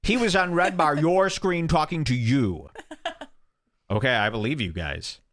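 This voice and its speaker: A man's voice: on the high side, a little slow, fairly bright tone. A man hosting a podcast, rambling through casual commentary with crude, sarcastic jokes. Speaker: show host.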